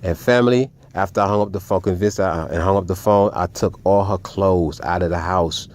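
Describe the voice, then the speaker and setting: A man with a low voice tells a personal story to his viewers. He talks in an animated, profane way and keeps addressing them as "family.". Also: fairly quick. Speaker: vlogger.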